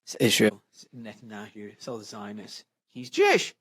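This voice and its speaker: A man from Scotland who is a doctor, hosting a podcast in a blunt, animated way, full of asides and quoted voices. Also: on the low side, normal speed, breathy edge, no echo. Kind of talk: casual opinionated podcast talk.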